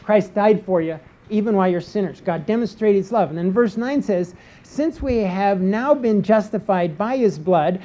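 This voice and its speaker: A woman's voice: medium pitch, mellow. A woman preaching a Bible-teaching sermon, posing rhetorical questions and checking in with her listeners by asking "okay?".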